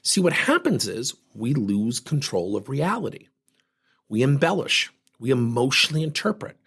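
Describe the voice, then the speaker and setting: A middle-aged man telling workplace stories and acting out both sides of the conversations in an animated way. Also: medium pitch, normal speed, vocal fry, slightly rough. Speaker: host. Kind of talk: storytelling talk on communication.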